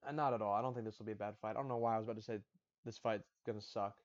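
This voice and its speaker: A man's voice: fairly low pitch, fairly even intonation, very fast. A man hosting a casual solo talk on fight predictions, rambling and interrupting himself with slangy asides. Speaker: MMA fight predictions host. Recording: dull lo-fi audio.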